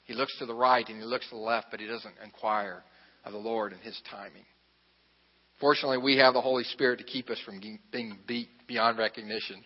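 A man's voice: fairly low pitch, steady tone, a little fast. A man preaching a sermon, telling a personal story in a conversational, self-deprecating way, with asides to the congregation. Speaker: pastor. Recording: reverberant, muffled hall recording.

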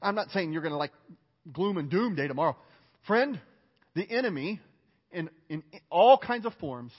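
High-voiced male pastor in an echoing hall. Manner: earnest, emphatic preaching with repeated phrases and light self-mocking humor. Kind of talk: sermon. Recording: reverberant hall, dull lo-fi sound.

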